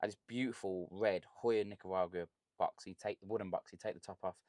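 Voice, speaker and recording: A man's voice: low-pitched, quick pace, dry recording. A young man with a Birmingham accent, a podcast guest telling stories in blunt, joking casual chat. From Birmingham, England. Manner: blunt, joking, lively storyteller. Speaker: podcast guest, cigar content creator.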